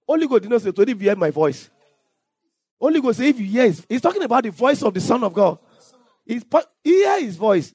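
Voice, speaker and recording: A man preaching a sermon as pastor, reading scripture aloud and at times shouting or singing out phrases. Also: sits high, expressive, fairly quick, slightly rough, no echo.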